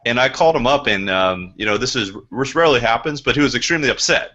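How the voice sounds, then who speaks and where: A man recounts a sales call to a training group, acting out both sides of the phone call with lively energy. His voice is bright and forward. The sound is somewhat dull and lo-fi. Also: mid-range voice, quick pace. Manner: animated storyteller, acts out phone calls. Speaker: real estate agent. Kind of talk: telling a sales story in training.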